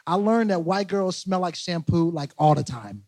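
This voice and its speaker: A man's voice: high voice, lively intonation, moderate pace, no echo. A young man preaching a casual, humorous sermon as pastor, joking, laughing at himself and repeating phrases. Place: church service in a large room. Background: loud guitar music.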